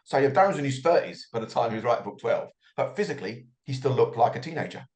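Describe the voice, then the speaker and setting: A man's voice: medium pitch, expressive, quick pace, darkish tone. Reflective middle-aged man, restarting thoughts. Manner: reflective, repeats words when starting thoughts. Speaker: author guest. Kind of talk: relaxed interview answers.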